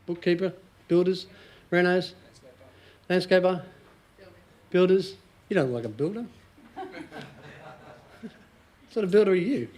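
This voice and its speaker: A man's voice: high-pitched, unhurried, pauses often, darkish tone. An Australian man in his forties, a business coach giving a casual, joking seminar talk to a small group and quizzing the audience.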